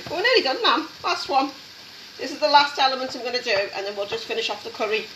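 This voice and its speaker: A woman's voice: sits high, lively intonation, fast. Chatty woman hosting a cooking demonstration. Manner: chatty, encouraging, talks while working. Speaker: cooking show host. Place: home kitchen. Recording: echoey kitchen, mic at a distance, background noise.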